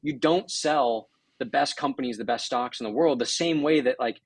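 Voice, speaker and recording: A man's voice: mid-range voice, moderate pace, slightly rough, dry recording. A man as an interview guest, explaining market data fluently and step by step. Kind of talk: casual interview commentary.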